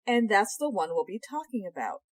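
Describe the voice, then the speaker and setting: A young woman co-hosting a casual podcast chat, animated and sarcastic, swearing freely. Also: mid-range voice, brisk, dry recording, poor audio. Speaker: podcast co-host.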